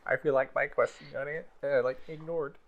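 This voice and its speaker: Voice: mid-range voice, steady tone, brisk, phone-quality sound, crowd noise. A tabletop game player asking polite, inquisitive questions in character.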